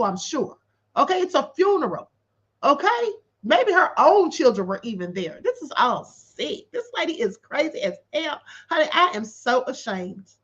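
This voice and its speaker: A woman hosting a casual commentary livestream, sassy and animated, calling her viewers honey and reading out their comments. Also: on the high side, lo-fi sound.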